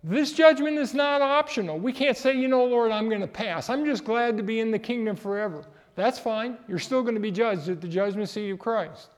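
A man's voice: high-pitched, a little fast, few pauses. A middle-aged man preaching a sermon as a pastor, emphatic and rising in force on key points, with a chuckle here and there. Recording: long hall reverb.

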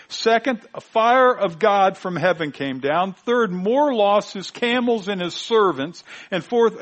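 A man preaching a sermon, stressing points loudly and then dropping to quiet asides. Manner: emphatic, swinging from loud high stresses to quiet low asides.

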